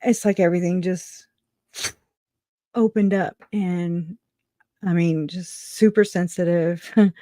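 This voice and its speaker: A slow, unhurried speaker on a casual livestream, thinking aloud with frequent restarts and soft laughs. The voice sits at a middling pitch. The sound is close and dry. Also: fairly even intonation, no room sound.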